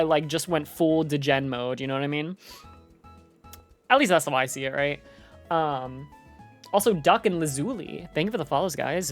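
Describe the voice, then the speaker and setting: A young woman chats on a live stream in a slightly low voice, rambling in a loose, slangy way. She leans on filler words and casual asides to her audience. Faint music plays under her talk.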